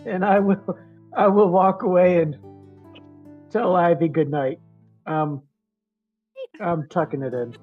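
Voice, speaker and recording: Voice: medium pitch, fairly even intonation, takes it slowly, long pauses, phone-quality sound, faint music behind. A player in a tabletop game, talking in a giggly, playful way. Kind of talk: casual tabletop game chat.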